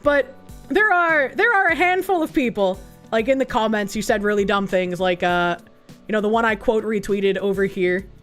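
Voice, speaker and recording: A woman with a Boston accent and a mid-range, fairly bright voice rants casually on a livestream at normal speed. She's blunt and profane, with faint music playing behind her.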